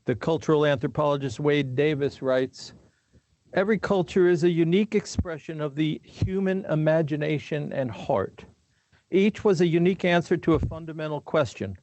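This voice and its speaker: An older man giving a formal commencement address in a measured, deliberate way with dry humor. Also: a little high, a little mellow, dry recording. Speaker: commencement speaker.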